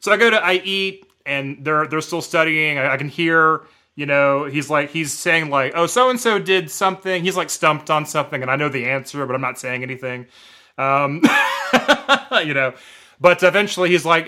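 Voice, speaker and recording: A man co-hosting a podcast, telling a rambling story in casual chat, animated, full of fillers and laughs. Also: on the high side, moderate pace. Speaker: podcast co-host.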